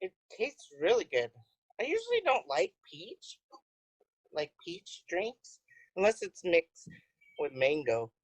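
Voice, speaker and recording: A woman co-hosting a podcast remotely, telling stories in an unhurried casual way. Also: lowish voice, huge pitch swings, dry recording, low-quality recording. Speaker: podcast co-host. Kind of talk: casual chat.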